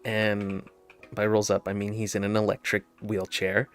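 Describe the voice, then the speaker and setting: A man's voice: lowish voice, monotone, moderate pace, faint music behind. Chatty man who laughs a lot. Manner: laughs often, many restarts and asides. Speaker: gamer telling a story. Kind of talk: casual storytelling over gameplay.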